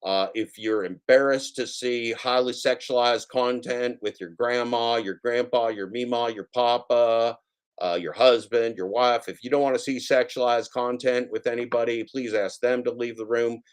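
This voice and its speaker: A man's voice: mid-range voice, fairly even intonation, normal speed, smooth. A man hosting a casual reaction stream, commenting on clips with playful, jokey mock warnings to his viewers.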